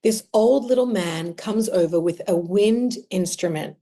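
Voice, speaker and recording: An Australian woman in her thirties, a podcast guest telling personal stories in an emotional, animated way. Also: medium pitch, unhurried. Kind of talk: casual conversational storytelling.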